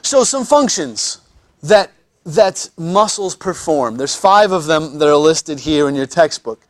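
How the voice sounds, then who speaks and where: A man's voice: fairly high pitch, expressive, a little slow, dry recording, studio quality. A man teaching anatomy in a classroom lecture, joking with students and often repeating words as he restarts.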